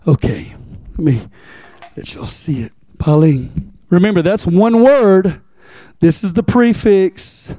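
A man preaches, teaching a Bible passage in a church with a folksy, repetitive style and questions for the congregation. His voice is high but mellow in tone. He talks slowly, and the sound is dry and close. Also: animated, no room sound. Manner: folksy, repeats key words, asks the congregation.

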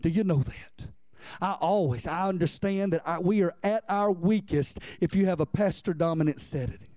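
A man's voice: high voice, normal speed, warm tone, no echo. A man preaching a conversational sermon as pastor, repeating lines for emphasis and asking his congregation questions.

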